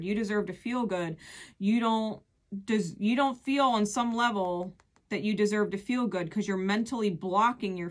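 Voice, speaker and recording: A woman giving an earnest, emphatic tarot reading who repeats key phrases as she pulls cards. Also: mid-range voice. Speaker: tarot reader.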